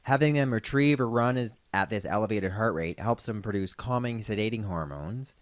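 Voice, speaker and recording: A man working as a veterinarian host, explaining dog training in a calm, instructional way. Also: fairly low pitch, normal speed, dry recording. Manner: calm instructional, calling dogs loudly and praising them. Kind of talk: scripted narration with outdoor demonstration.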